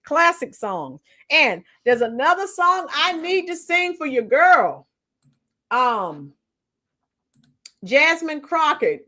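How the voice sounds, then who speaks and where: A woman in her fifties, a schoolteacher who also hosts a casual livestream, reads the chat and talks with viewers, now and then breaking into song. Her voice is high, with a bright, forceful tone.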